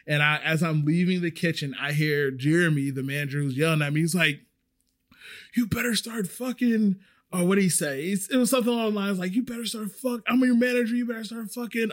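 A man's voice: fairly high pitch, fairly bright tone. A young man casually telling a story about a fight at work, acting out the quoted lines with a raised voice and plenty of swearing. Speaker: podcast host telling a story.

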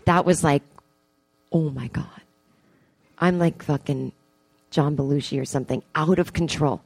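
A woman comedian telling a story live on stage, self-mocking and animated, acting out her own thoughts. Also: sits low, normal speed, husky, no room sound. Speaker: comedian and podcast host. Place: theatre stage with audience.

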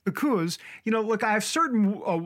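A man with a New York accent hosts his podcast in a loose, joking ramble, full of self-mocking asides. His voice sits a little higher than most men's. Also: expressive, moderate pace, fairly bright tone. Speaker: podcast host. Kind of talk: chatty podcast monologue.

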